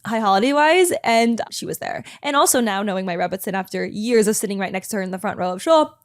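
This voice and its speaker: A young woman telling a personal story in a fast, chatty way, full of filler words and emotion. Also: medium pitch, expressive, dry recording, studio quality. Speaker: vlogger sharing a personal story. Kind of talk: casual storytelling to camera.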